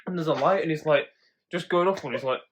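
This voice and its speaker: A man's voice: on the high side, fast, very noisy. A man telling stories on a podcast, laughing often and swearing freely. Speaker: podcast co-host. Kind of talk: casual chat, storytelling.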